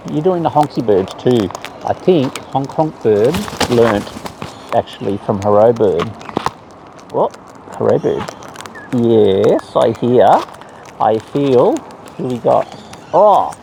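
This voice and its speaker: A man's voice: expressive, takes it slowly, pauses often. A man chatting to his pet birds in a cooing, sing-song voice, recorded on a camera on a tripod. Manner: cooing, sing-song talk to birds with high squeaky swoops. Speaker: bird keeper filming his parrots. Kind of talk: casual chat to pet birds. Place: indoors among pet birds. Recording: clear background noise.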